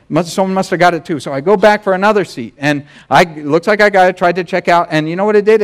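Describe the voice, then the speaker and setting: Man preaching with a lively, higher voice. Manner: storytelling, conversational and animated. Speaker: pastor. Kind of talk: sermon.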